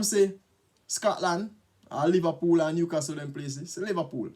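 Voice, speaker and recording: A man with a Jamaican accent talking casually to camera in a relaxed, chatty way, slipping into patois and often asking "you know?". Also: a little high, normal speed. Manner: relaxed, chatty, mixes patois into English, frequent tag questions. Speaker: vlogger. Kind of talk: casual spoken monologue to camera.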